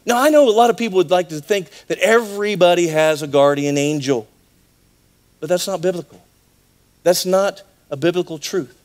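A man preaching a sermon in a church, telling a Bible story in an animated way with acted voices. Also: high voice, normal speed. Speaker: pastor.

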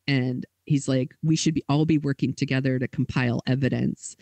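A man hosting a podcast, telling a story in a casual way, with lots of fillers and quick acted quotes. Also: medium pitch, fairly even intonation, a little mellow, no room sound. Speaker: podcast host.

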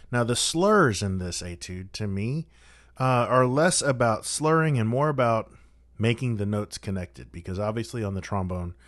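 A man's voice: lowish voice, no echo, clean studio sound. A man teaching trombone in a practice guide, giving methodical, direct advice to his students.

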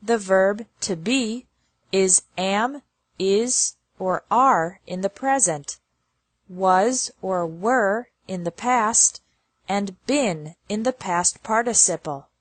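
A woman reading an English lesson, pronouncing verb lists slowly one word at a time. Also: medium pitch, slightly rough, no echo. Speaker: English teacher. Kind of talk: slow scripted lesson narration.

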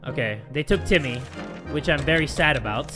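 A young man playing a survival game, reading its text aloud and reacting with excitable, sometimes profane commentary. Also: fairly high pitch, fairly quick, music in the background. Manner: excitable, reads game text aloud, swears, yells at setbacks. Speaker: gaming YouTuber. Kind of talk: let's play commentary.

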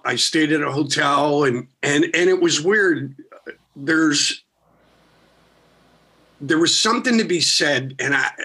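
A man from Philadelphia, a rock singer, telling stories in casual, profane, animated talk as a podcast guest. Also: a little high, slightly rough. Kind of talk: casual storytelling.

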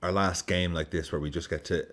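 A man, giving animated, casual football commentary as a vlogger. He swears freely and acts out his reactions. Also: sits low, brisk.

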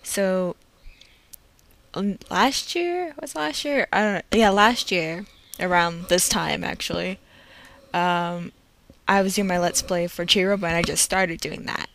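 A young woman who makes let's play videos explains her long absence in a casual vlog recorded on a laptop microphone. She rambles and corrects herself, using many fillers, in a lowish, unhurried, creaky voice that's a bit bright.

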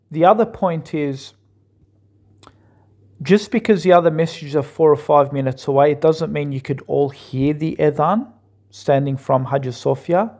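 A man commentating on a clip, pausing it to argue his points earnestly and repeating himself for emphasis. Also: fairly high pitch, a little mellow. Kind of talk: reaction commentary.

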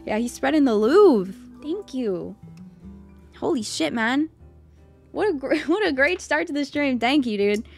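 Woman, live-stream chat, high voice, very lively pitch, excitable, swears, laughs a lot, faint music behind. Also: measured pace, gravelly. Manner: rambling, repeats herself.

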